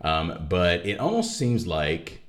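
A man's voice: low-pitched, big pitch swings, slow. A man, an author discussing his book, who talks thoughtfully with restarts and asides. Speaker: author and guest. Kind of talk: conversational theology discussion.

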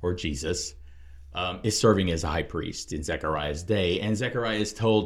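A man with a very low voice talks through scripture in a relaxed, explanatory way. He leans into key points with emphatic, preacher-like stress. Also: moderate pace. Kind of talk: casual Bible discussion.

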